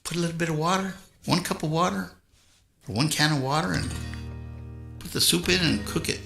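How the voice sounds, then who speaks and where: A man's voice: on the high side, a little fast, vocal fry, sharp tone, echoey room, soft background music. A man from Southern California hosting a live stream, chatting casually with viewers and telling rambling stories with frequent chuckles. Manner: easygoing storytelling, chuckles often. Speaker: live stream host reading viewer chat.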